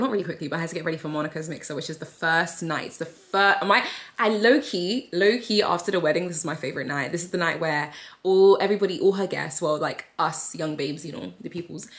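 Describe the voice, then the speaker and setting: A young woman talking casually to her viewers in a chatty vlog. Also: sits low. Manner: chatty and animated, talks to viewers. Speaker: vlogger. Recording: echoey room with noise.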